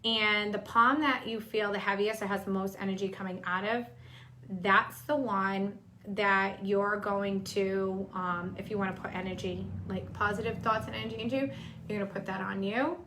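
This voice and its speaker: A woman's voice: medium pitch, fairly even intonation, normal speed, bright, forceful tone, a little hiss or hum. A woman co-hosting a casual chat, explaining energy practices in a talkative, teaching way with frequent ums. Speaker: psychic medium and co-host.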